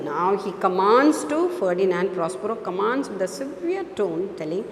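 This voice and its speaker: A woman teacher with an Indian accent retells a story and explains it slowly, repeating herself and stopping to gloss words. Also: mid-range voice, sing-song. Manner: slow explaining with repetitions. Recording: echoey hall with faint noise.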